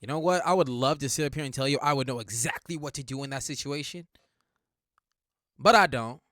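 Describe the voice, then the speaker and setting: A young man hosting a reaction video, talking casually in slang, animated and laughing often. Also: mid-range voice, brisk, no echo, clean studio sound. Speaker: reaction channel host.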